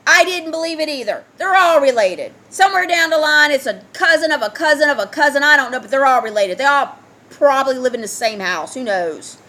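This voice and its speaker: Angry, ranting high-voiced woman. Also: a little fast, pushed and bright. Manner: heated, ranting, asks listeners rhetorical questions. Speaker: commentator. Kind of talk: angry solo commentary video, reading news aloud.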